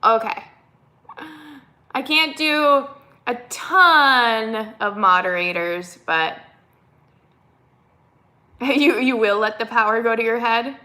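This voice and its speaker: Woman, Minnesotan accent, live-stream host, chatty, reading comments, bright tone. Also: on the high side, lively intonation, slow, long pauses. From United States. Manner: chatty, reads comments aloud and answers them. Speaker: YouTuber hosting a live stream.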